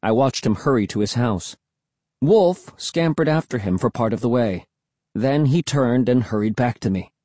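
In a husky, mid-pitched voice, a man narrates a first-person audiobook with even, measured delivery. The sound is dry and close-miked, with no surrounding room and no echo.

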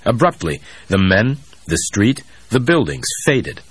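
A man narrating a thriller audiobook in a steady, even storytelling voice, recorded close on a studio mic. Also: lowish voice, unhurried, slightly rough, no echo.

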